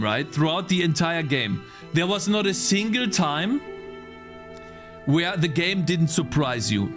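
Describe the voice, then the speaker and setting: Male streamer, live gameplay commentary, excitable, lively pitch, music behind. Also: measured pace. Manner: excitable, laughing, chatting to viewers. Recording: game music underneath.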